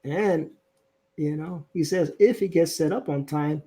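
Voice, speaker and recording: A man's voice: on the high side, unhurried, warm tone. A man hosting a casual live stream, joking around and reading viewer comments aloud. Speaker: stream host.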